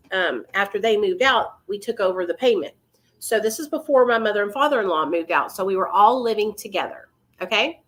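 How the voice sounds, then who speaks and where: A woman's voice: medium pitch, fairly bright tone. A woman in her thirties, a vlogger casually telling viewers a personal story in a chatty, confiding way.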